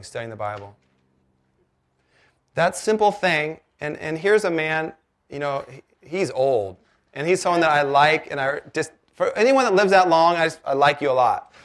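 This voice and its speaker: A man preaching a sermon, earnest and emphatic, slowing down to read scripture. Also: fairly high pitch. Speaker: pastor.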